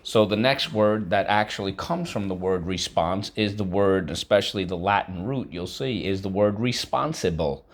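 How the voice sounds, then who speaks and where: A man's voice: lowish voice, normal speed, few pauses. Man teaching a phonics vocabulary lesson. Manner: prompting students to repeat words, syllable by syllable; casual, loose explanations with frequent okays and asides.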